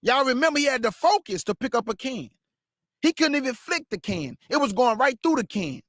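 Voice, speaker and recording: A man teaching the Bible, reading verses aloud and breaking off to question them with drawn-out emphasis. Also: very high voice, sing-song, fairly bright tone, dry recording, studio quality. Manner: reads verse then stops to question it aloud. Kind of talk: street-style scripture teaching.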